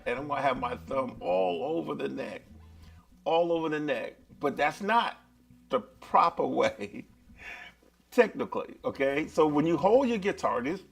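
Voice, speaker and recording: Male guitar teacher, mid-pitched, gravelly, casual and talking directly to viewers. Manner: relaxed, chatty, talks to viewers directly. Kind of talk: live-streamed guitar lesson.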